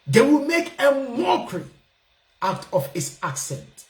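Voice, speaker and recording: A man's voice: very high-pitched, very animated, unhurried, darkish tone, echoey room. A man from Ghana with a Ghanaian English accent, hosting a radio talk programme and speaking emphatically, raising his voice to drive his points home. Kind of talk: casual call-in radio talk.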